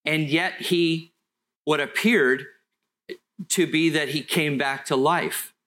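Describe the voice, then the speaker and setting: A middle-aged man, preaching a sermon in an earnest storytelling way that slows for emphasis. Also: fairly high pitch, fairly even intonation, pushed and bright. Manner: earnest, storytelling, with slow deliberate stretches. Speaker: pastor.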